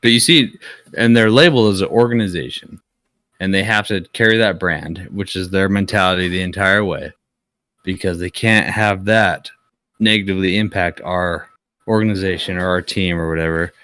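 A young man with a very low, deep voice rants bluntly on a podcast, swearing freely as he talks. The sound is close and dry, with no room echo. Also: a bit bright. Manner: blunt, profane, ranting. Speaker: podcast co-host. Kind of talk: casual chat.

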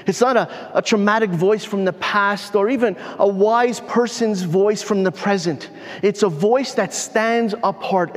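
A man's voice: high-pitched, in a large hall. A man preaching a sermon as pastor in a conversational way, often repeating and restarting his words.

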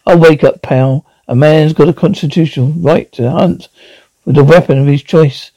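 A man playing a gruff, gun-loving older husband with a British accent, blustering and belligerent. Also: a little high, steady tone, moderate pace, warm tone, no room sound, rough recording.

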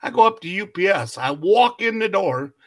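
A man's voice: sits high, big pitch swings, normal speed, a bit bright. A man co-hosting a casual podcast, telling a long story and acting out what everyone said, laughing often. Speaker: podcast co-host.

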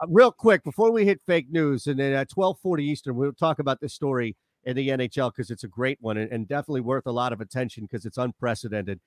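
A man's voice: medium pitch, fast, hardly any pauses, no room sound. A man hosting a sports talk show, who makes his points directly and steers the conversation. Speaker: radio host. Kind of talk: casual sports radio chat.

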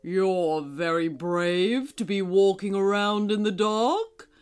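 A woman doing a slow, drawling storybook crocodile. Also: medium pitch, darkish tone, clean tone, faint music behind, lightly acted. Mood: scornful. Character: smug menacing male crocodile, big and toothy.

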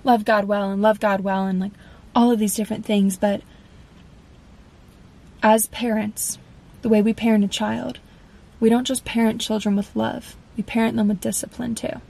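Earnest woman with a gravelly voice. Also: mid-range voice, little pitch movement, normal speed, pauses often, warm tone, rough recording. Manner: earnest and confessional, acting out her own past dialogue. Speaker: podcast host. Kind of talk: personal testimony monologue.

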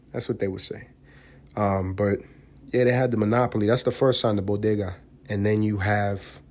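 Profane young New man rambling. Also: mid-range voice. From New York, USA. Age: young adult. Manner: profane, rambling, swings between loud and mumbled. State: getting over the flu. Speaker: podcast host. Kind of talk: casual monologue.

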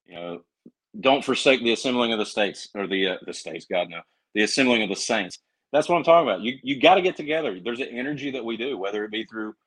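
A man's voice: lowish voice, a bit bright, rough recording. A man with a Southern accent, a podcast guest talking in an earnest, rambling way with many restarts. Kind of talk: casual podcast chat.

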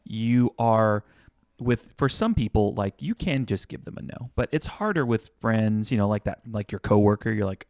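Easygoing young man, low dry voice. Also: normal speed, a little mellow, no room sound. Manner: easygoing, agreeable, joking. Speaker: podcast co-host. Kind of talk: casual chat about wedding planning.

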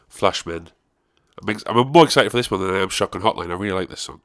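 A man's voice: sits low, animated, quick pace, a bit bright. A man hosting a podcast, rambling and swearing as he laughs through casual chat. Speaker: podcast host.

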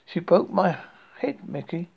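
A cruel, gloating mistress who turns to whining, as a man reading a horror story puts her on. The voice is husky and gravelly, pitched a little high. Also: expressive, moderate pace, lo-fi sound, full character voice.

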